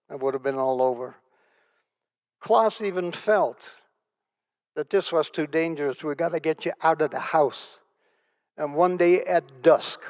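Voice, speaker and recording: A man's voice: on the high side, smooth. An older man, a survivor, telling his personal story as keynote speaker in an onstage interview, earnest and vivid, repeating phrases for emphasis.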